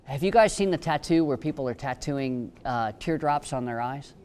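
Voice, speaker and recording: Give me a man with a middle-pitched voice, joking and telling stories on a panel. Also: expressive, normal speed, a little mellow, clean tone. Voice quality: joking, storytelling. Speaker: panelist, attorney. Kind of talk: humorous panel talk.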